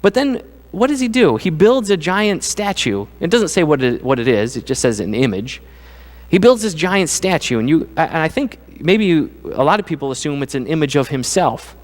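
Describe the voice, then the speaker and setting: Middle-aged male pastor, slightly high voice, casual animated preaching, reverberant church sound. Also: normal speed. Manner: conversational, animated, acts out quoted voices. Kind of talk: sermon. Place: church sanctuary. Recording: church sanctuary with long reverb.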